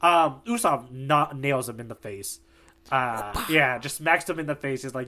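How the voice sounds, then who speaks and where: A man's voice: medium pitch, a little slow, pushed and bright. A man co-hosting a podcast, recapping a manga chapter in loose, casual talk full of asides.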